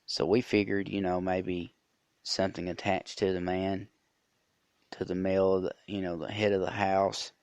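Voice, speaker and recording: Man, podcast host, rambling storyteller, low voice, dry close mic. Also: level tone, normal speed, a little mellow, clean tone, no echo. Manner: rambling, with many fillers and restarts. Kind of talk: casual storytelling monologue.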